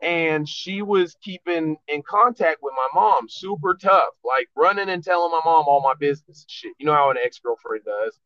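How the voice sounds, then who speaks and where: A man's voice: fairly high pitch, normal speed, few pauses, fairly bright tone, no room sound. A man, a podcast guest, telling a rambling, profane story in casual chat. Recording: dull lo-fi dry sound.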